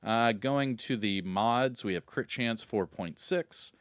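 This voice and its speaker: A man's voice: lowish voice, takes it slowly, smooth, no room sound. A man hosting a gaming video, casually running through in-game vendor items and getting hyped about good loot.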